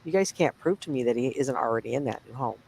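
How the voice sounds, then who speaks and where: A woman's voice: rumbling low, animated, fast, vocal fry, a little mellow, breathy edge, rough recording. A woman from the Midwest co-hosting a casual livestream chat, gossipy and teasing, chuckling as she talks. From Midwest United States. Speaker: livestream co-host.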